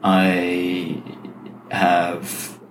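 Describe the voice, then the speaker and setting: A man's voice: low-pitched, monotone, extremely slow, slight background noise. A young man hosting a solo podcast, telling stories in a wry, self-deprecating way. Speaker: podcast host. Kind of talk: solo casual podcast chat.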